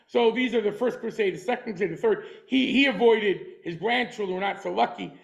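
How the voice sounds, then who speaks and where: A man's voice: high voice, brisk, gravelly, dull audio. A man lecturing a class, emphatic and forthright, hammering points home with short repeated phrases and wry chuckles.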